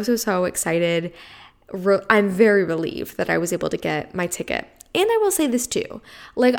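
A woman hosting a solo podcast in casual chat, excitable and chatty with lots of fillers. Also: mid-range voice, creaky. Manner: chatty and excitable, many fillers like "like" and "you know". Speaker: podcast host.

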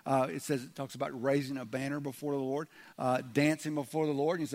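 A man's voice: medium pitch, little pitch movement, fast talker, hardly any pauses, a little mellow. A man preaching a sermon as pastor, speaking conversationally and restarting words, sometimes acting out quoted voices. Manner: conversational, repeats words when starting, acts out quoted voices.

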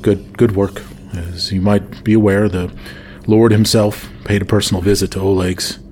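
A man doing a smooth, formal bandit officer. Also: fairly low pitch, little pitch movement, normal speed, darkish tone, a little hiss or hum, lightly acted. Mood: condescending. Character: well-spoken bearded male bandit officer in chainmail.

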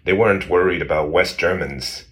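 Super deep guy rambling thru an old legend, lots of restarts. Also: moderate pace, a loud crowd. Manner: rambling, many restarts, acts out quoted voices. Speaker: guest explaining history. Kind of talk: casual conversational storytelling.

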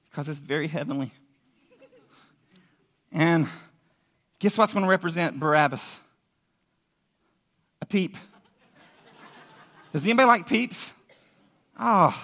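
A youth pastor giving a sermon in a lively, casual storytelling way, using props and questions to the room. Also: male voice, sits high.

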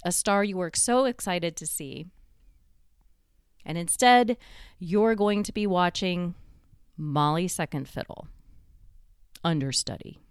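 Slow, clear-voiced woman storyteller. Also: on the low side, no echo, clean studio sound. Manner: conversational, drawing the listener into a scene. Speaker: host. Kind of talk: guided second-person storytelling.

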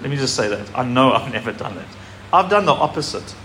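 A man's voice: medium pitch, very animated, quick pace, bright, forceful tone, slight background noise. A man pastor giving a sermon, reading scripture aloud with emphasis and speaking animatedly to a congregation.

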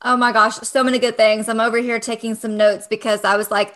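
Woman podcast host and coach, bright-toned, slightly high, eager casual chat. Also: flat delivery, a little fast.

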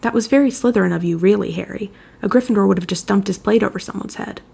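A woman's voice: medium pitch, fast talker, vocal fry, darkish tone, husky. A woman reading aloud, voicing a cocky, teasing young wizard boy in a fan fiction reading. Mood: smug. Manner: teasing, smug.

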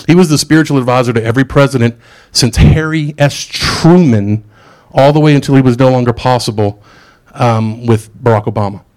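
A man's voice: medium pitch, fairly quick, a little mellow. Guy preaching a sermon, laid back and joking around, middle-aged. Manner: casual, conversational preaching with asides and jokes.

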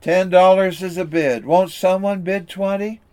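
A man's voice: high-pitched, fairly even intonation, measured pace, a little mellow. A man voicing a persistent male auctioneer who calls out bids at an estate sale. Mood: insistent. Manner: insistent, calling out bids.

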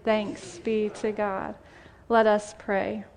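A woman's voice: medium pitch, flat delivery, darkish tone. A woman pastor preaching a heartfelt sermon and reading scripture in a church. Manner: heartfelt, tearful gratitude, measured scripture reading. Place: church sanctuary.

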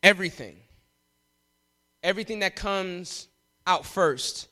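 A man preaching a sermon, emphatic and animated, often jumping up in pitch for emphasis. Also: unhurried, pauses often. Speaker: pastor.

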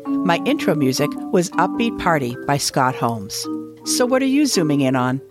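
A woman's voice: low voice, very animated, normal speed. A woman hosting a teaching podcast, encouraging and enthusiastic as she talks with a guest and reads her outro. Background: faint background music in outro.

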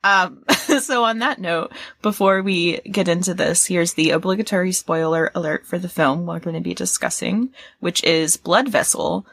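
A woman's voice: fairly low pitch, vocal fry, fairly bright tone, breathy edge, no echo. A woman co-hosting a film podcast, chatting casually, laughing often and joking. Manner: laughs often, quick and jokey. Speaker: podcast co-host. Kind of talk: casual podcast chat about a horror film.

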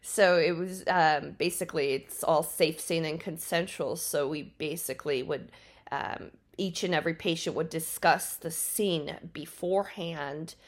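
A woman hosting a podcast and telling stories casually, laughing often and pausing on ums. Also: sits low. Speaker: podcast host. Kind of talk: casual storytelling.

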